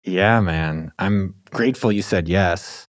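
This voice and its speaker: A man hosting a podcast, talking in an upbeat, excitable, salesy way, then chatting casually with his guest. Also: takes it slowly, no echo, clean studio sound. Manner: upbeat, salesy, excitable delivery with sudden pitch jumps. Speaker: podcast host. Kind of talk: energetic podcast intro and casual interview.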